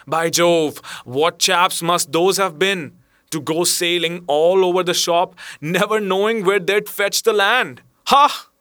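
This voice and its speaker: A man's voice: sits high, slow pace, a bit bright, dry recording, clean studio sound, pitched above the performer's own voice. A man voicing a dreamy, moody young male clerk who speaks abstractedly and turns snappish. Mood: excited.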